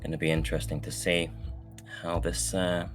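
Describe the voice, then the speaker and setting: A man with a lowish voice casts a live online match from a home setup, talking through his microphone. He rambles in a loose, chatty way, full of ums and uhs. Soft music plays faintly behind him. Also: level tone, normal speed. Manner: rambling, chatty, many fillers. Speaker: esports caster. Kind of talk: live esports commentary.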